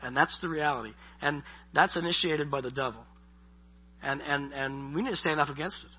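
A man's voice: on the high side, a little fast, slightly rough, muffled recording. A man preaching a sermon in a conversational way, restarting and repeating his words. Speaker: pastor.

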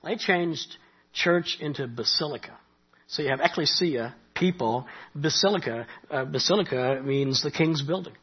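A middle-aged Canadian pastor preaching in a loose, conversational way, his voice high and husky. He builds to animated peaks and drops back to quiet asides. The recording sounds dull and lo-fi. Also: moderate pace. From Nova Scotia, Canada. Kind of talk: sermon.

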